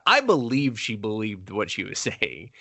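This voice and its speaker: A man's voice: on the low side, wildly swooping pitch, unhurried, creaky, sharp tone, no room sound. Rambling man recapping a comedy, dry sound. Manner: rambling, profane, recaps plot with lots of fillers. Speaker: podcast co-host. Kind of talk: casual movie review chat.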